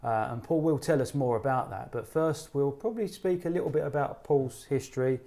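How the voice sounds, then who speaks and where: A man's voice: medium pitch, a little fast, warm tone. A man hosting an interview, talking hesitantly with many fillers and repeated words. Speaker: podcast host. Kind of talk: casual interview.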